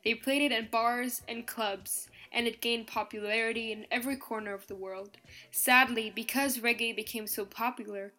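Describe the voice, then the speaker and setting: Woman narrating a scripted podcast. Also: a little high. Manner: reads from a script in an even, explanatory tone, counting beats aloud.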